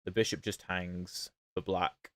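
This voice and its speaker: A chatty British man streams his chess games and answers viewers' questions as he plays. His voice sits fairly low. The sound is dry and close, with no room echo. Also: flat delivery, unhurried, pushed and bright. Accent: British, not fully standard. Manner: chatty, answers chat questions while playing. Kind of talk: casual livestream commentary.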